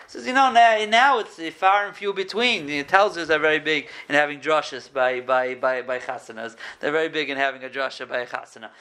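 A man with a high, bright, sharp-edged voice teaches an informal Torah class. He tells stories and often restarts his sentences. He sprinkles Hebrew terms through his plain English. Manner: storytelling with frequent restarts, mixes in Hebrew terms.

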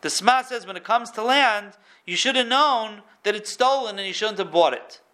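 High, bright-voiced man teaching Talmud. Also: expressive, moderate pace. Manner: reads Hebrew text then explains in casual English. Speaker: Torah teacher. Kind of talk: Talmud lesson, reading and translating.

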